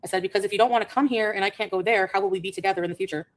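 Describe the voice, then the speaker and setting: Fast-talking exasperated woman vlogger. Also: mid-range voice. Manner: rapid, exasperated, reads messages aloud. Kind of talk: casual storytelling vlog.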